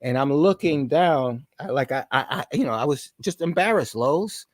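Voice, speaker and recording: A man in his sixties, a podcast guest, telling stories in conversation and shouting out the lines of the people in them. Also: fairly high pitch, moderate pace, dry recording. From New York. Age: 60s. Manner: animated, shouts out quoted lines. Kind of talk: storytelling in conversation.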